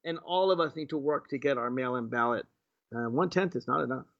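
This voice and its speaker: A man's voice: mid-range voice, quick pace. A man, a state delegate, giving mocking commentary on clips he plays, full of rhetorical questions. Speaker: state delegate hosting a livestream. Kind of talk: sarcastic commentary on played clips. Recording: dull lo-fi stream audio.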